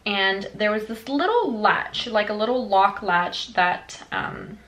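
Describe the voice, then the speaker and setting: A young woman vlogger telling a childhood story in a chatty, animated way, full of fillers. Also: medium pitch, takes it slowly, poor audio. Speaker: beauty vlogger. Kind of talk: storytime vlog.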